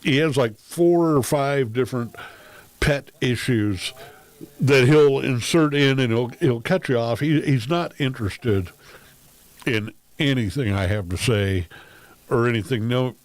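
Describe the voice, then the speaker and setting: A man in the middle of his pitch range rambles through a casual stream monologue. He fills pauses with ums and wry chuckles. The sound is dry and close. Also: no echo.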